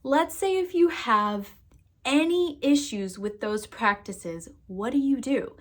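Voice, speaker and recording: Chatty swearing woman psychic, higher voice. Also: slow pace. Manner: chatty and expressive, swears freely and laughs. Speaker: psychic and energy worker. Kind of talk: casual to-camera vlog chat.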